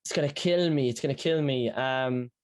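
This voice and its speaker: A man's voice: medium pitch, moderate pace. An Irish man, a streamer guest on a podcast, telling stories in casual chat with slang and swearing. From Ireland. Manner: animated storyteller, lots of slang and swearing.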